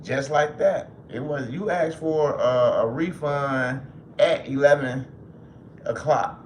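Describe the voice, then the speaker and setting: A man's voice: a little high, slow pace. A man hosting a casual livestream, joking loosely and swearing freely as he talks to viewers. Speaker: livestream host. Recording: roomy echo with faint noise.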